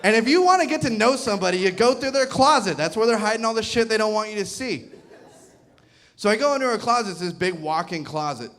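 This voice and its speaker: A male stand-up comedian with a high voice that leaps around as he tells a crude story. His delivery is animated and punctuated by his own laughter. He is on a comedy club stage, speaking into a handheld mic. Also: quick pace. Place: comedy club stage before a live crowd.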